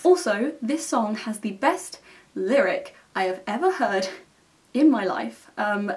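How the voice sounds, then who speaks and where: A young woman talks through a film review with eager, chatty enthusiasm, tagging her points with a quick "okay?". Her voice sits in an ordinary middle pitch. She is a little distant from the microphone. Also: lively intonation, a little mellow. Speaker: film vlogger. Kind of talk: casual film review monologue.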